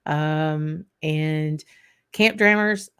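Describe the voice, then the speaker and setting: Low-voiced chatty woman host. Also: drawn-out words, clean tone. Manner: chatty and relaxed, with frequent ums and light laughs. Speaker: host of a whisky tasting show. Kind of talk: casual podcast chat.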